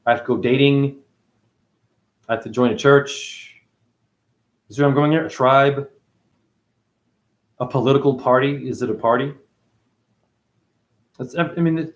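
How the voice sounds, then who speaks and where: A man's voice: mid-range voice, fairly even intonation, normal speed, pauses often. A man giving a spiritual monologue as a teacher, preachy and profane, firing one rhetorical question after another.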